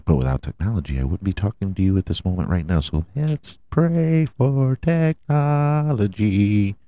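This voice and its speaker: A man hosting a casual solo sports podcast, rambling and profane, with a scratchy throat he keeps clearing. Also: lowish voice, sing-song, moderate pace, warm tone, no room sound. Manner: rambling, profane, self-mocking asides. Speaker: podcast host.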